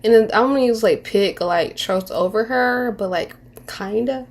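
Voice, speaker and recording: A woman's voice: mid-range voice, moderate pace. A woman in her twenties giving casual commentary on a reality show, candid and slangy, rambling with restarts and mocking impressions. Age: 20s.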